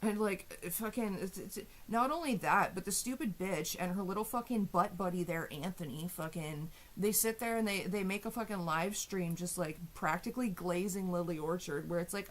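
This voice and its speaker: A woman's voice: mid-range voice, moderate pace, few pauses. A woman venting to her viewers in a heated, profane and sarcastic rant. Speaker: vlogger. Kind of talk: angry rant to camera.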